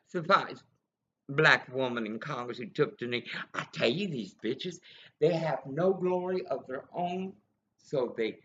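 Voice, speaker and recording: A woman delivers an unhurried, rambling rant full of bitter accusations. Her voice is rough and gravelly. The dull, lo-fi recording flattens the sound. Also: sits low, a little hiss or hum. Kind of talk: angry ranting monologue.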